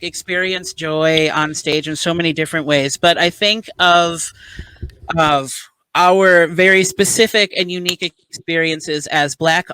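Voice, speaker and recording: A man hosts a relaxed interview over a video call, gushing with praise and laughing easily. He talks slowly and his voice has a bright edge. The sound is dry and close. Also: fairly high pitch, smooth, no echo, low-quality recording. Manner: effusive, praising, laughs often. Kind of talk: casual interview chat.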